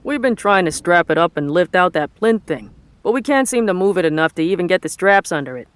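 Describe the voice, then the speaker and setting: A man voicing a male dig site foreman with a thick Boston accent, talking loud and blunt. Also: high voice, animated, a little fast, clear, resonant tone, dry recording, voice pushed up. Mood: urgent. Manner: loud, pushy, blunt questions.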